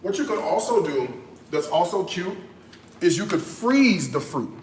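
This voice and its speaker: Sassy American male cooking host, chatty and bouncy in pitch, roomy echo. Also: a little slow, noisy background. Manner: sassy and animated, tags lines with "okay?". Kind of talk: casual live-stream chat while cooking.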